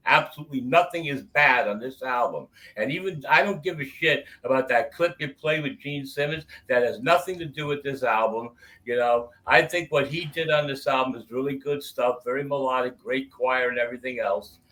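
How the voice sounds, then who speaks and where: A man's voice: medium pitch, normal speed, few pauses, fairly bright tone, low-quality recording. A man in a casual album ranking chat, speaking emphatically and standing firm on his opinions. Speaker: podcast co-host.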